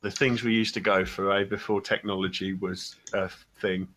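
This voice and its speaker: A man co-hosting a comedy podcast and playing interviewer, laid-back and quick to laugh. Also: sits low, level tone, fairly bright tone. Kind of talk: casual comedy chat.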